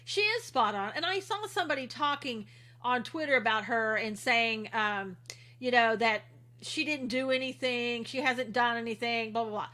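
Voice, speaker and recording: A woman's voice: a little high, moderate pace, sharp tone. A woman hosting a political livestream, chatting indignantly, reading viewer comments aloud and greeting viewers by name.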